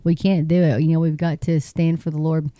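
A Christian host from Texas, this middle-aged woman has a low, mellow voice and a Texan accent, delivering things briskly and flatly. She chats in a folksy, rambling way while reading the news and encouraging viewers, captured in clean, echo-free studio sound.

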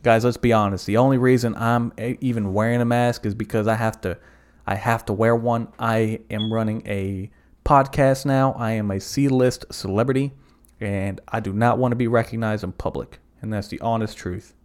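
A man's voice: lowish voice, steady tone, moderate pace. A young man from the southern United States hosting a comedic solo podcast, rambling through profane, jokey bits. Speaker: podcast host.

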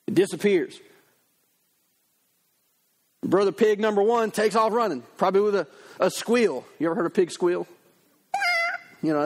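A male pastor preaches with lively, conversational storytelling and speaks straight to his listeners. His voice sits high for a man. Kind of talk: sermon.

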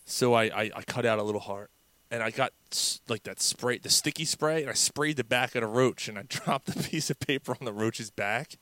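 A man's voice: medium pitch, brisk, a bit bright, no echo. A middle-aged man, telling a rambling work story with laughs and swearing. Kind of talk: casual storytelling.

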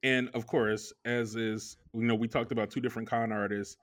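A man's voice: mid-range voice, flat delivery, normal speed. A man co-hosting a casual podcast chat, frank and rambling with many restarts. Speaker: podcast co-host. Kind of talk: casual chat reviewing a TV series.

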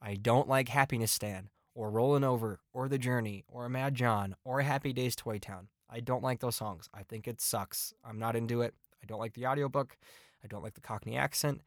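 A man's voice: medium pitch, moderate pace, no room sound, studio quality. Blunt, profane man reviewing albums. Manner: rants with repeated complaints. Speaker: podcast host.

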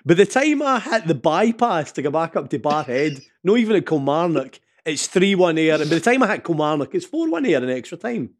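A man's voice: a little high, fairly quick, hardly any pauses. A man in his thirties with a Scottish accent, co-hosting a casual podcast chat, telling stories with a lot of energy, swearing freely and laughing as he goes. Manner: animated storytelling, swears freely, laughs mid-story. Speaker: podcast co-host.

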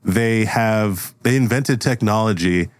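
A man's voice: on the low side, takes it slowly, no room sound, clean studio sound. A man hosting a comedy podcast who narrates an improvised story in a rambling way, with lots of fillers. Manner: rambling, full of fillers and laughs. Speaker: host and storyteller.

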